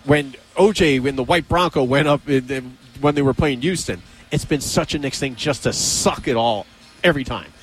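A man hosting a radio show, chatting casually and excitedly about his team and thanking colleagues. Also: mid-range voice, normal speed, breathy edge. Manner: excitable, jokey sports fan. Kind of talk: casual studio banter.

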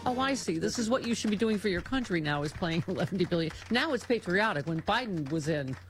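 A man's voice: high-pitched, animated, fairly quick, faint music behind. A male host doing political commentary with a wry, sarcastic manner.

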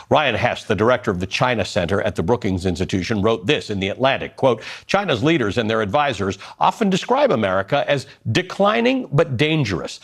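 Male news anchor, animated delivery, reads quotes then reacts. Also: mid-range voice, husky. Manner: lively, quotes editorials then reacts with incredulity. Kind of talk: cable news commentary and panel hosting.

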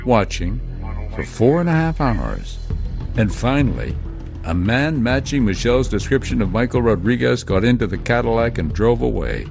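A man reading a scripted true-crime narration in a measured way, with dramatic pauses. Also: mid-range voice, sing-song, vocal fry, a little mellow. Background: music.

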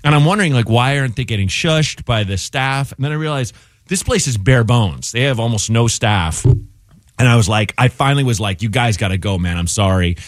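A man's voice: mid-range voice, a little fast, dry recording. Guy comedian telling a story on morning radio, voice jumps all over, dry close sound. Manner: animated, acts out voices in his anecdotes. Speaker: comedian guest. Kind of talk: casual storytelling on a radio show. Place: radio studio.

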